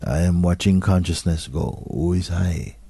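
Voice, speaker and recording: Low, husky-voiced male spiritual teacher. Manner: slow, measured, with soft hushed passages. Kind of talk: satsang talk.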